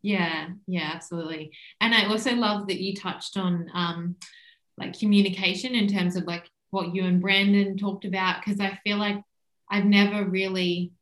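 A woman's voice: mid-range voice, fairly even intonation. A woman hosting a podcast, chatting casually and agreeing often with her guest. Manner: warmly agreeing, quick bursts of laughter. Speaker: podcast host. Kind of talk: casual chat. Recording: echoey room.

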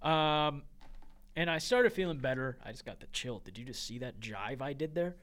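A man's voice: medium pitch, normal speed. A young man, a podcast co-host, telling a story in casual chat, full of "like" and laughing as he goes. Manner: animated, heavy use of "like", laughs while telling stories.

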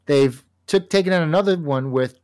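A man co-hosting a casual comic book talk show, animated and laughing often as he reads panels aloud. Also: a little high, normal speed. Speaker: podcast co-host.

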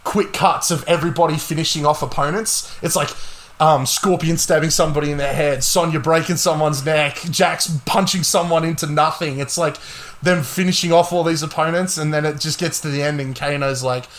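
A young man hosting a casual gaming podcast, talking excitedly and swearing a lot. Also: fairly high pitch, brisk. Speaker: podcast host.

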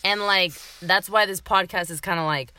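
A young woman from Miami in her twenties, co-hosting a casual chat podcast, talking fast, swearing and laughing often. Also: on the low side, pushed and bright, clear, resonant tone, no room sound. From Miami, Florida. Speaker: podcast co-host.

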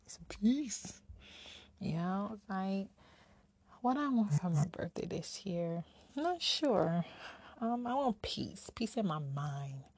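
Gravelly, husky woman venting. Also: medium pitch, big pitch swings, takes it slowly, darkish tone, no room sound. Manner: candid, conversational, rhetorical asides. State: out of breath. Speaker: vlogger. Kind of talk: casual personal vlog rant.

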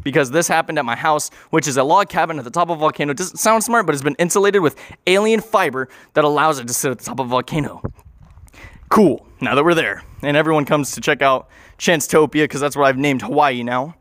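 A man improvising an absurd story in a rambling, excitable way, swearing and acting out the scenes. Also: a little high, quick pace, no room sound, studio quality.

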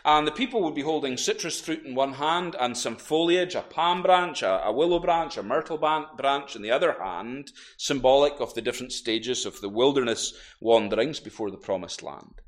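A man preaching a sermon in church, animated and building to loud cries as he quotes. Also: mid-range voice, normal speed, few pauses. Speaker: minister.

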